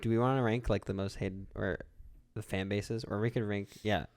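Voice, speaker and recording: A young man co-hosts a sports chat and keeps steering the topics. He has a fairly low voice and an easy, loose delivery. He laughs often with his friends. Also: fairly even intonation, moderate pace, a little mellow, no echo. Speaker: podcast co-host.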